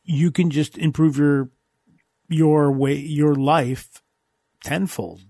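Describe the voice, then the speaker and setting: A man's voice: fairly high pitch, fairly even intonation, takes it slowly, mellow, no room sound. A man hosting a casual podcast chat, enthusiastic and repetitive, often restarting his sentences. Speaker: host.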